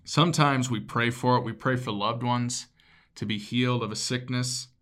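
A man's voice: mid-range voice, fairly even intonation, normal speed, fairly bright tone. A man preaching a sermon as a pastor, in a casual, conversational way with asides to his listeners.

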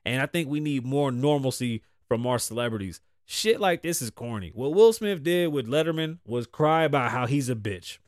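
A middle-aged man hosting a podcast, ranting bluntly with constant cursing, swinging from loud outbursts to low mutters. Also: expressive, moderate pace, few pauses, no echo, clean studio sound. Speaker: podcast host. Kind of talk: profane opinion rant.

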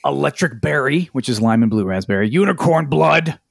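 A man's voice: mid-range voice, fast talker, creaky, dry recording, studio quality. A middle-aged man co-hosting a podcast, reading a menu aloud with wry amusement and casual swearing. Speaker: podcast co-host. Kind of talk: casual chat.

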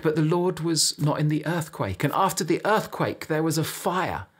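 A man's voice: fairly high pitch, breathy edge. A man preaching a sermon in a conversational storytelling manner, speaking directly to his listeners.

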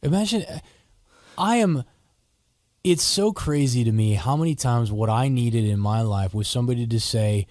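A man's voice: medium pitch, normal speed, a little mellow, dry recording, clean studio sound. A man hosting an interview conversation, reflective and supportive as he responds to his guest. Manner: reflective, supportive, some restarts. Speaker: podcast host.

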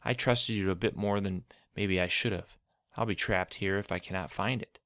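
A man's voice: sits low, steady tone, normal speed, a bit bright, no echo, clean studio sound. A man voicing a frightened, distrustful boy in a storybook reading, with an anxious, pleading way of talking. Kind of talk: storybook narration.

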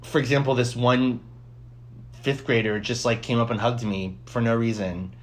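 A man telling classroom stories on a casual podcast, slipping into put-on voices for the people he quotes. His voice sits at a middling pitch. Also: fairly even intonation, moderate pace. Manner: tells anecdotes acting out voices of others. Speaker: podcast co-host and teacher. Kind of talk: casual storytelling chat.

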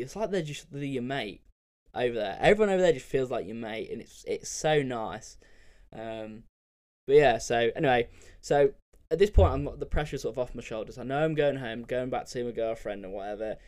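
Young bloke, solo podcast host, casual and rambling, swears freely, mid-pitched voice. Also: male voice, darkish tone. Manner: rambling and candid, with frequent fillers and swearing.

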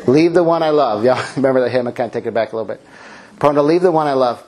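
A middle-aged man preaching a sermon, telling stories with self-mocking humor and animated delivery. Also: racing. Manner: animated, swings into high character voices. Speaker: pastor.

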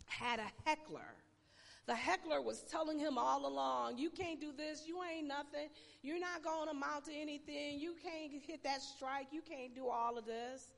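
A woman pastor preaches slowly and deliberately, leaning on long pauses and sudden exclamations. Her voice is gravelly and sounds tired, a little high for a woman. It rings out in a reverberant hall. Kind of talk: sermon.

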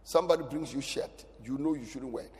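A man preaching a sermon as pastor, his delivery swinging from loud bursts to near whispers. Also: medium pitch, fast talker. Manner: animated preaching, sudden loud rises and drops to near whisper. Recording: long hall reverb.

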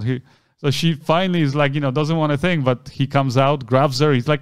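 Man, podcast co-host, lively storyteller, smooth clear voice, dry close sound. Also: mid-range voice, fairly quick, dry recording. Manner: animated storyteller acting out quoted voices. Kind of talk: casual storytelling chat.

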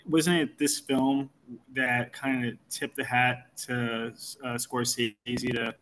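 A man's voice: medium pitch, flat delivery, takes it slowly, a bit bright, slight background noise. A man joining a casual film podcast. He agrees readily and talks hesitantly, with many "um"s and "yeah"s.

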